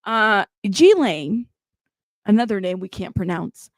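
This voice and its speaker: A woman's voice: medium pitch, lively intonation, slow pace, dry recording, clean studio sound. A woman hosting a casual live news commentary show, chatty and playful, laughing often as she reads out viewer comments. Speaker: host of a news commentary livestream.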